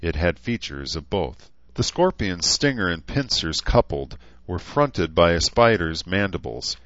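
A man reading a novel aloud as an audiobook narrator, steady and even. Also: sits low, measured pace, no echo. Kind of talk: scripted narration. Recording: dull, lo-fi, dry.

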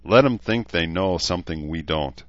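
A man's voice: low voice, moderate pace, dry recording, muffled recording, natural voice. A man voicing an easygoing young man who teases his friend in casual banter. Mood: laid-back. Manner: laid-back, teasing banter.

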